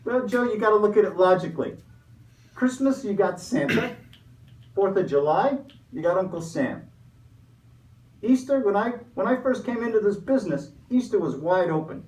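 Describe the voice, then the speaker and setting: In a comedy sketch interview, a man plays a greedy, smug Easter Bunny, wisecracking with the patter of a pushy salesman. His voice sits high with a darkish tone, animated at a moderate pace with long pauses. The room is echoey and the mic far off.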